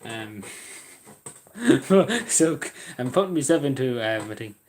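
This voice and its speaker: A man's voice: medium pitch, lively intonation, a little slow, darkish tone, slight background noise. A young Irish man chatting casually on a live stream, rambling with stumbling restarts and talking to viewers by name. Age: young adult. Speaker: live streamer reading chat.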